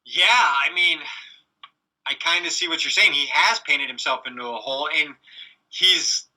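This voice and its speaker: A man's voice: a little high, a little slow, pushed and bright, low-quality recording. A man co-hosting a casual podcast, answering with dry, reasoned comebacks. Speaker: podcast co-host. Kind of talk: casual chat.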